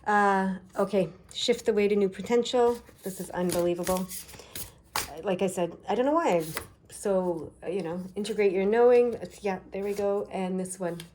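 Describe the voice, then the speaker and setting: A woman from Canada's East Coast giving a tarot reading, talking quickly and excitedly with many fillers. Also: mid-range voice, a little hiss or hum. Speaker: tarot reader. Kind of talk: tarot card reading to camera.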